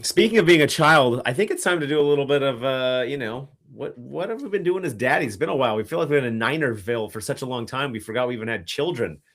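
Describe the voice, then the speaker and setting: A man's voice: mid-range voice, animated, fast talker, few pauses, a bit bright. A man co-hosting a podcast in casual chat, teasing his friends and laughing often. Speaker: podcast co-host.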